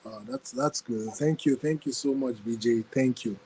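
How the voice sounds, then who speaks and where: A man's voice: mid-range voice, big pitch swings, creaky, background noise. A man hosting a podcast in casual chat, effusive and full of thanks, reading out and praising listener ideas. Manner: effusive, thanks people often, quick to laugh. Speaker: podcast host.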